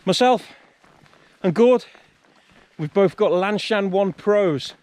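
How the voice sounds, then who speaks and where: A British man with a high, slightly mellow voice talks slowly while vlogging a hike along a countryside trail outdoors. His narration is full of chat, jokes, and self-mockery.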